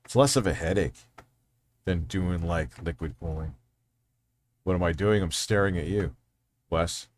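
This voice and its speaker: A man's voice: low-pitched, a little slow, pauses often, a little hiss or hum. A man hosting a casual livestream, rambling and swearing freely while reading out chat messages. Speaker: livestream host.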